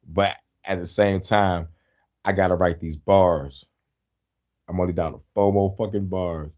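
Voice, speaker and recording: A man's voice: sits low, fairly even intonation, a little slow, a little mellow. A man hosting a casual late-night monologue, tired from no sleep, rambling and swearing freely in a laid-back way. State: tired, has not slept. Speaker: host.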